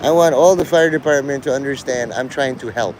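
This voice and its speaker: A man's voice: medium pitch, brisk, noisy background. A man from the Philippines livestreaming from a city street, rambling in a joking, provocative way and dropping in Tagalog phrases.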